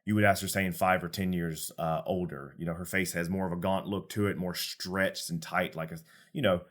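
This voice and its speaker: Very deep-voiced man running a tabletop game. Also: steady tone, moderate pace. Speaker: game master.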